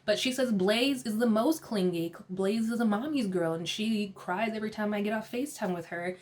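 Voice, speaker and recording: A young adult woman talks through a reality show episode in a casual, gossipy recap. Her voice sits at a middle pitch, and she keeps it lively by acting out what each cast member said and laughing along. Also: brisk, hardly any pauses. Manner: chatty, animated retelling with frequent laughs and quoted voices.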